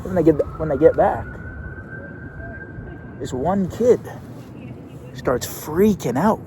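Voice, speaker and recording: A man's voice: on the high side, expressive, slow pace, mellow, slight background noise. A young man, a youth basketball coach, telling a story in a brash, profane, swaggering way. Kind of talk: casual storytelling rant.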